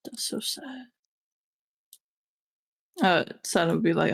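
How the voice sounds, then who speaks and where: Gravelly-voiced woman player, chatty. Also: fairly low pitch, lively intonation, takes it slowly. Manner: chatty, playful, informal. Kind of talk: casual tabletop play.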